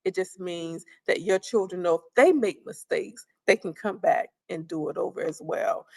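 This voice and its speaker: Calm gravelly-voiced woman presenter. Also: lowish voice, normal speed. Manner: calm, conversational, repeats phrases. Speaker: parenting workshop presenter. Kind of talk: instructional talk.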